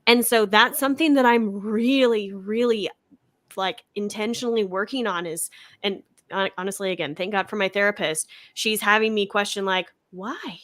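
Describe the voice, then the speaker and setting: A woman co-host talking openly on a live stream. She sounds mid-pitched and reflective, and the recording is close and dry. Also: moderate pace, fairly bright tone, no room sound. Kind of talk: casual chat.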